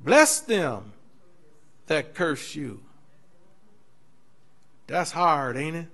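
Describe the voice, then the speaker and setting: A man, a pastor, teaching a Bible class in a lively preaching style, telling stories and acting out quoted voices. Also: fairly high pitch, very slow, pauses often. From United States. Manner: animated preaching with storytelling, laughing asides; acts out quoted voices in dialogue.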